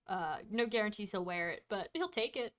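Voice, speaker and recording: A woman's voice: mid-range voice, animated, a little fast, a bit bright. A woman narrating as game master of a tabletop game, easygoing and prone to giggling.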